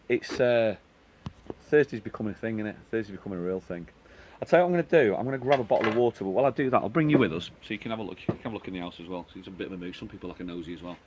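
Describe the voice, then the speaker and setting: A middle-aged man with a lowish voice hosts a live stream outdoors, talking quickly and casually. He reads viewer comments aloud and answers each one. A microphone resting on a nearby table picks him up, with a faint outdoor hum behind him. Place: outdoors on a home terrace. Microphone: microphone set down at a table.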